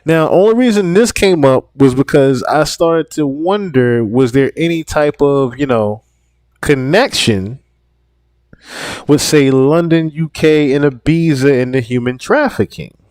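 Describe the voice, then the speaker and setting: Man, thirties, podcast host, rambling, cursing a lot, higher-pitched voice, dry close sound. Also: measured pace, darkish tone, dry recording. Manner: rambling, profane, repeats himself. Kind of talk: casual solo commentary.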